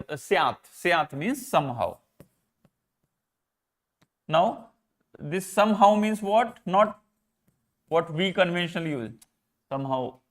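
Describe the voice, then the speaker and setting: Indian English male lecturer, fairly high-pitched, explains by questioning aloud and restating key points. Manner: explains by posing rhetorical questions and answering them; repeats and rephrases key points, slips into Hindi. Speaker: philosophy teacher. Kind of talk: live exam-prep lecture.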